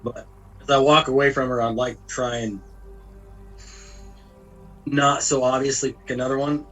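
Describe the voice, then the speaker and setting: Chill guy describing his character's moves, mid pitch, kinda far from the mic. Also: fairly even intonation, unhurried, fairly bright tone, soft background music. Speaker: player. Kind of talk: tabletop role-play chat.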